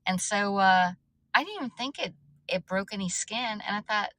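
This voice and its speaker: A woman's voice: medium pitch, expressive, fairly quick, fairly bright tone, dry recording, rough recording. A woman chatting on a casual livestream, rambling and restarting often as she answers viewer comments. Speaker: livestream host.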